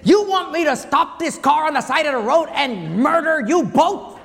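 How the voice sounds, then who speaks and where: A shrill, high little mother, put on by a man barks threats at squabbling kids, her voice leaping up in pitch. The sound rings with a long hall reverb. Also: lively intonation, normal speed, gravelly, fairly bright tone, slight background noise, full character voice. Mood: scolding. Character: tiny scolding mother, short-tempered, threatening.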